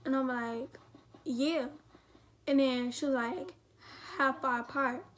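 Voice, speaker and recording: High-voiced young woman telling a rambling story. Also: slow pace. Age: teens. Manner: rambling, slangy, frequent "like" and quoted dialogue. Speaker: vlogger. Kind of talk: storytime, casual retelling.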